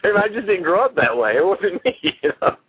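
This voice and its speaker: A man's voice: sits high, big pitch swings, fairly quick, slightly rough, dry recording. A man, talking about his life as an actor guest in a rambling, folksy way, full of "you know". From Texas. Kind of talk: casual interview talk. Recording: tinny phone line.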